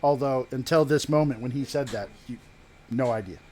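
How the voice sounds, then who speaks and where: Measured male game master narrating. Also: mid-range voice, a little mellow, slight background noise. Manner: halting, measured narration with pauses and restarts.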